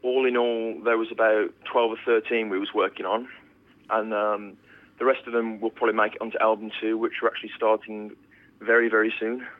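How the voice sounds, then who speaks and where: A man, a band's bassist, answering interview questions in a relaxed way with plenty of ums. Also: brisk. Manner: relaxed, lots of ums and uhs. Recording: tinny phone line.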